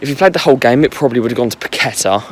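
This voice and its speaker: Young male football vlogger, hoarse, quick and rambling, phone mic on a night street. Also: medium pitch, expressive. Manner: rambling, filler-heavy fan chat. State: losing his voice. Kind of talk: casual match recap. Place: walking on a street at night outdoors.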